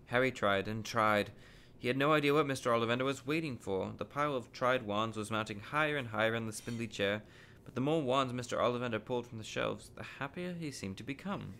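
A man reading a children's novel aloud from a living room, steady and unhurried with the odd stumble. His pitch sits mid-range, and a faint hiss of background noise runs underneath. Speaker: podcast host reading aloud.

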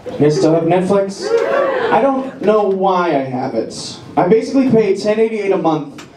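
A man performs stand-up at a comedy club, his high-pitched voice expressive as he delivers wry jokes at his own expense and does quick impressions. Laughter from the live crowd rings through the echoey space.

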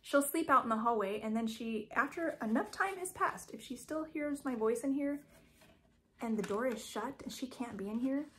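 A woman's voice: a little high, moderate pace, a bit bright. A woman vlogging about her cross stitch projects at home, chatty and rambling, correcting herself with frequent ums. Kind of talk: casual show-and-tell vlog. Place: home craft room.

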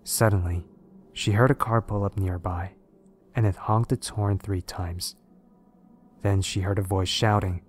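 A man narrating scary stories in a steady, measured way. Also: low-pitched, dry recording. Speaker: horror story narrator. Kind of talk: scripted narration of horror stories.

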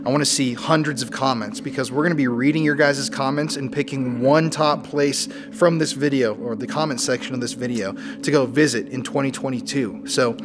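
Guy hosting a ghost hunt, calls out loud to spirits, noisy background. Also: medium pitch, fairly even intonation, fairly quick, few pauses. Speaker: paranormal show host. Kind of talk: casual investigation chat. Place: dark abandoned mine mill.

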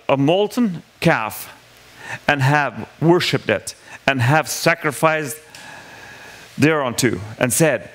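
A man with a somewhat high voice preaches a sermon to a congregation. He talks in a conversational way, asks his listeners questions, and acts out the lines he quotes. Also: fairly bright tone.

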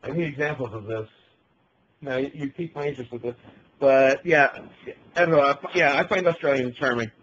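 A man's voice: medium pitch, brisk, a bit bright, muffled recording. A young man co-hosting a casual podcast chat from a bedroom, bantering and laughing often. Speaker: podcast co-host.

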